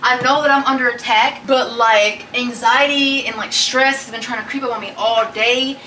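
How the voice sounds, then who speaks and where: A young woman with a drawl talking to her vlog from a home kitchen. Her voice is bright and fairly high, lively and teasing, and she keeps calling people baby. A faint hiss sits under the recording. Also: moderate pace. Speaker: vlogger. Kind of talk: casual vlog chat.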